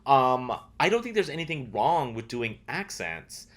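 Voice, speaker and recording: A man guesting on a podcast as an actor, talking in an earnest, animated way in casual interview chat. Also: mid-range voice, measured pace.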